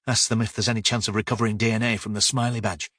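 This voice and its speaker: A man's voice: on the low side, flat delivery, very fast, fairly bright tone, no room sound, studio quality. A man reading an audiobook, voicing a businesslike police detective. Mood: matter-of-fact.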